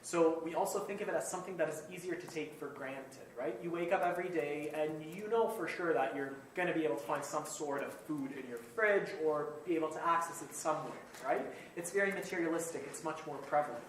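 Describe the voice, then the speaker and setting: A man's voice: a little high, brisk, few pauses. A man lecturing to a live class, explaining step by step and checking in often with "okay?" and "right?". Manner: repeats and rephrases points while thinking aloud. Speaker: university lecturer. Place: classroom with students present. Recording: very echoey room, distant mic, faint room noise.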